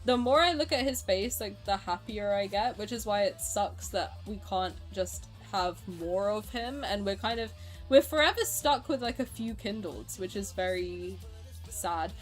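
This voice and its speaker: Chatty, excitable woman streamer. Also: medium pitch, measured pace, soft background music. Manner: chatty and excitable, swears freely, laughs often. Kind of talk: casual live-stream chat, reacting to viewer comments.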